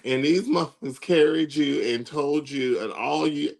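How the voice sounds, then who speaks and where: A man co-hosting a casual comedic chat, animated and exasperated. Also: fairly high pitch, moderate pace, gravelly.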